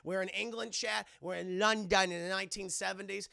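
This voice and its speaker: A man with a high, crackling, gravelly voice talks straight into a close, dry mic. He rambles through a film recap for his live chat, swearing freely and staying animated. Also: fairly quick, few pauses, no echo. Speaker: livestream film reviewer. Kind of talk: casual chat with a live audience.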